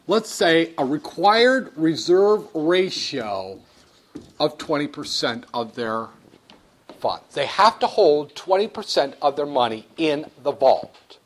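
Lively high-voiced male lecturer. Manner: animated, joking, acts out dialogues with students. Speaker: economics lecturer. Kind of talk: classroom lecture.

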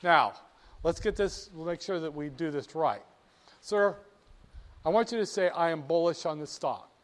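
A man's voice: a little high, lively intonation, a little slow. A man lecturing a class, stressing key words and having students repeat phrases back to him. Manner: emphatic, drills terms, asks students to repeat. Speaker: teacher.

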